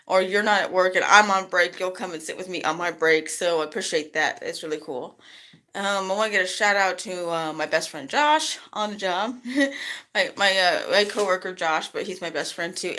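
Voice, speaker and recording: A middle-aged woman talking casually to camera in a vlog, chatty and rambling, and she jumps her voice up high when quoting other people. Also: bright, forceful tone. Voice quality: rambling, chatty, lots of "you know". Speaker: vlogger.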